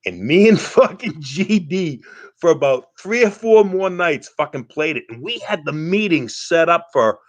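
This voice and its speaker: A man's voice: fairly high pitch, lively intonation, normal speed. A man hosting a casual online panel, telling a story in an emphatic, profane way. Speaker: live streamer hosting a panel.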